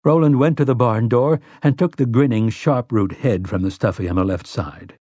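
A man narrating an audiobook in a measured, steady storytelling manner. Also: mid-range voice, no room sound, clean studio sound. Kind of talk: scripted narration.

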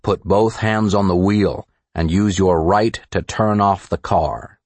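A male audiobook narrator voicing a gruff, menacing small-town sheriff with a gravelly, slow, threatening growl. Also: deep voice, steady tone, darkish tone, no room sound, exaggerated voice.

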